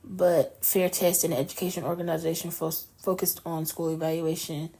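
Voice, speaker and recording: A woman co-host reads through a news segment in a relaxed, conversational way. She drops in her own asides as she goes. Her voice sits low, with a mellow, dark tone. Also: normal speed. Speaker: podcast co-host. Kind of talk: casual news roundup.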